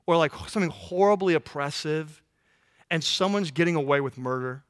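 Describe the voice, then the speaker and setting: A man delivers a sermon in a fairly high voice, painting scenes and acting out the voices of the people in them. His delivery swings between conversational asides and rising fervor. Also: normal speed. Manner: animated storytelling, acts out voices, rising intensity. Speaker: pastor.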